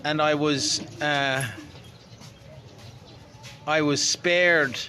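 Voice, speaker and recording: A man's voice: mid-range voice, pushed and bright, slight background noise. Rambling wry Irish man outdoors. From Ireland. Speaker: vlogger. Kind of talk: casual spoken monologue.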